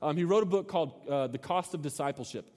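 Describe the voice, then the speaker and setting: An animated man preaching a sermon, telling a long story and acting out shouts. His voice sits a little high for a man and rings in the long reverb of a big hall. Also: fast. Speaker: pastor.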